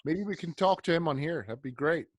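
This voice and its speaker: A man's voice: a little high, fairly quick, no echo, clean studio sound. A man hosting a podcast interview, reacting with enthusiasm and asking follow-up questions. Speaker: podcast host. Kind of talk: casual interview chat.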